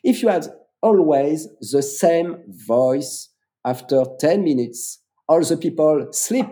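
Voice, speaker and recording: A man's voice: on the high side, expressive, slow, dark tone. A man with a French accent, a public speaking coach explaining his methods in an interview, emphatic and repeating words for stress.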